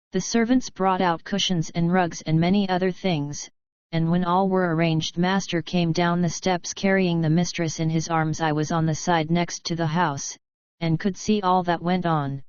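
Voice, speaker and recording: A woman narrates a classic novel in a calm, even way, with a smooth, clear voice set fairly low. The recording is dry and close, with a slightly dull, muffled tone. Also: dry recording. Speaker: audiobook narrator.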